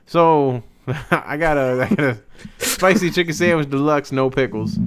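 Smooth-voiced young man telling a story. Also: fairly high pitch, moderate pace, no echo. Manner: animated storyteller acting out quotes. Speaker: podcast co-host. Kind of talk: casual storytelling chat.

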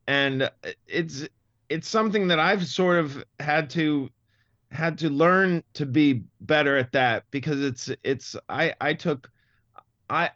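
A man's voice: on the high side, a bit bright, no echo, muffled recording. A man in his fifties from Massachusetts, speaking in a neutral Midwestern-style American accent as an interview guest, thoughtful and full of stammering restarts. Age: 50s. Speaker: comedian guest. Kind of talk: interview conversation.

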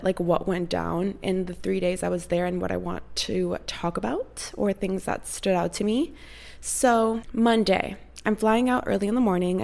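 A woman's voice: medium pitch, vocal fry, a little mellow. A young woman chatting casually to her viewers, telling a story in a gushing, rambling way with many fillers. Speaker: vlogger.

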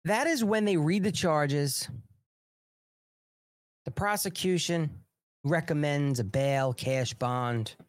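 A man's voice: fairly high pitch, slow, pauses often, no room sound, clean studio sound. A man with a Long Island New York accent hosting a live political commentary show, talking bluntly and heatedly in a rambling way, with many restarts.

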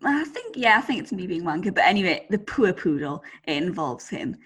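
A woman chats on a podcast, spinning a rambling anecdote. Her voice is slightly husky and climbs and dips a lot, and she swears freely as she goes. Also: fairly low pitch, fairly quick. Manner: animated storytelling with swearing. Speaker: podcast co-host. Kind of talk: casual chat.

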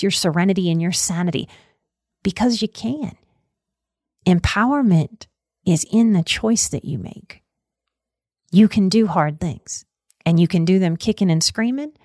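A woman's voice: fairly low pitch, a little mellow, no room sound, studio quality. A woman giving a motivational self-help talk, earnest and coaching, reading out affirmations.

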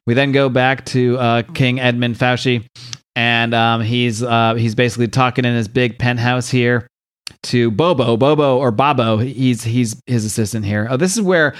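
A man's voice: mid-range voice, fairly even intonation, moderate pace, clear, resonant tone. A young man co-hosting a podcast, recapping a comic book in casual chat, laughing often and acting out the quotes. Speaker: podcast co-host.

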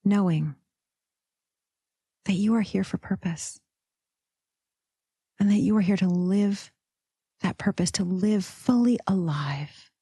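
A woman podcast host leading a slow, soft guided meditation, sometimes dropping into a whisper and calling the listener sister. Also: mid-range voice, breathy edge, no echo, clean studio sound. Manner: calls listener "sister", affirmations.

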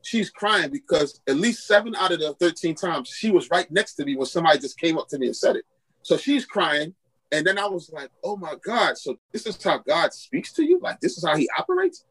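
A man tells his testimony as a podcast guest, slipping into the voices of the people he quotes. His voice sits a touch high for a man and carries a husky, slightly grainy edge. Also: brisk, poor audio. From Queens, New York. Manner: animated storyteller acting out quoted dialogue. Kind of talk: storytelling testimony in a podcast interview.

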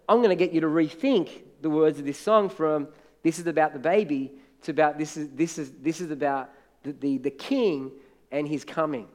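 High-voiced man preaching a lively sermon. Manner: animated preaching, half-singing hymn lines, rising and dropping loudness. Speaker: pastor. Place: church.

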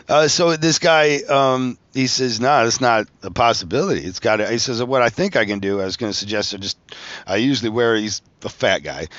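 Man, low voice, casual swearing storyteller, dry muffled recording. Podcast host. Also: no echo. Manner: profane, animated, laughs while telling stories. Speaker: podcast host, tattoo artist.

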